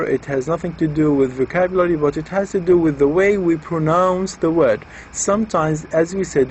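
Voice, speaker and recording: Man, lecturer, slightly high voice, patient explanations, repeats points, faint background noise. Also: a little mellow, low-quality recording.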